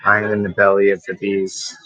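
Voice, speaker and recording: Call-in guest, male, bright tense voice, offhand dry humor, dry close mic. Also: lowish voice, monotone, normal speed, no room sound, rough recording. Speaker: guest calling in from an event. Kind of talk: casual remote call-in chat.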